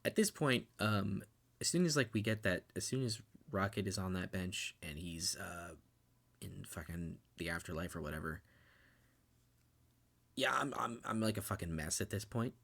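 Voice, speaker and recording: A man's voice: sits low, normal speed, gravelly, fairly bright tone. A young man co-hosting a podcast, retelling a film scene in casual chat, swearing freely and getting emotional. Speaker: podcast co-host. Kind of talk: casual movie recap chat.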